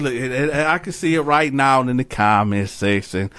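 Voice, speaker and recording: Brief: male storyteller host, casual and animated, swears freely and talks directly to his audience. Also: medium pitch, normal speed, smooth. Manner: animated, profane, talks straight to viewers.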